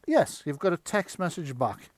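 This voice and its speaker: A man narrating and running a tabletop horror game as game master, chatty and quick to laugh. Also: on the high side, very animated. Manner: chatty, laughs often, slips into quick character voices.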